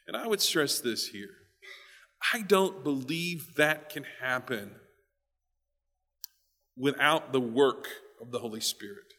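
Bright-voiced male pastor preaching. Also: medium pitch, expressive, takes it slowly, long pauses, long reverb tail. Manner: emphatic, repeats words, moves between quiet and loud. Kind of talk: sermon.

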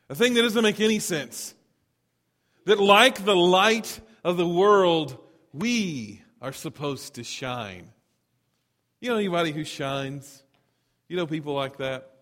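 A middle-aged male pastor telling stories in a sermon, swinging from loud to hushed. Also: high-pitched, expressive, a little slow. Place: church sanctuary. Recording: long hall reverb.

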